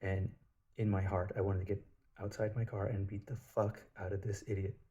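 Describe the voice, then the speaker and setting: A man's voice: fairly low pitch, flat delivery, moderate pace, dark tone, muffled recording. A man telling stories in a rambling, casual monologue, swearing freely. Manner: rambling, profane storytelling.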